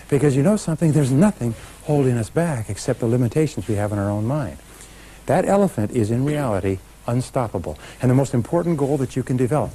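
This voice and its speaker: A middle-aged man gives an emphatic motivational seminar talk, addressing a live audience and driving home each point. His voice is mellow and a little husky, at an ordinary pitch. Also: rough recording. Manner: emphatic, talks straight to a live audience, leads call-and-response chants. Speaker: motivational speaker.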